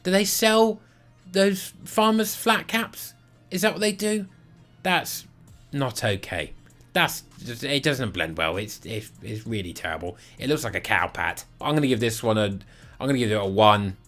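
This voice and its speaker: A man's voice: mid-range voice, a little slow, a bit bright, soft background music. A man casually reviewing football kits, blunt and sarcastic with lots of swearing. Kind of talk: casual rating vlog.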